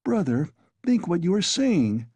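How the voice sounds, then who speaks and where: A proud, earnest young woman speaks gently but with a quick temper, her voice raised high. A man voices her. The husky tone sits close and dry. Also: animated, no echo.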